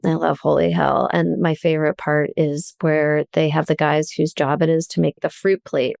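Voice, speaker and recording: A woman, a journalist and author, talking as a podcast guest in a casual, animated way, often laughing as she tells stories. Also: sits low, moderate pace, creaky, no echo, clean studio sound.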